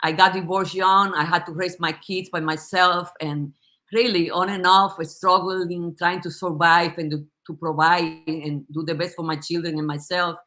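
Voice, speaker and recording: Dominican-born woman, Spanish accent, lowish voice, sincere guest testimony. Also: flat delivery, moderate pace. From Dominican Republic. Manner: warm, earnest, laughs easily, restarts often. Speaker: guest sharing her story. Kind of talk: casual personal testimony.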